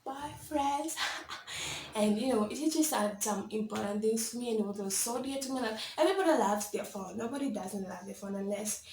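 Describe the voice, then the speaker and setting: A young woman from Kenya tells a story straight to the camera in an animated, dramatic way, laughing often and scattering fillers. Her voice sits a little high. The room around her echoes, with a faint hiss underneath. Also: normal speed. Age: young adult. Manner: animated, dramatic, laughs often, many likes and you-knows. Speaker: vlogger.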